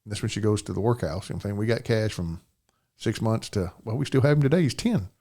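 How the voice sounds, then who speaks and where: A man's voice: fairly low pitch, expressive, fast, mellow. An older man, a podcast guest telling a personal story in plain, rambling speech, often asking "you know what I'm saying".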